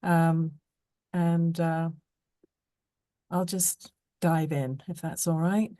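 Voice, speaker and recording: A woman narrating an audiobook passage live on a video call, measured and even after nervous chat. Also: deep voice, no room sound, clean studio sound.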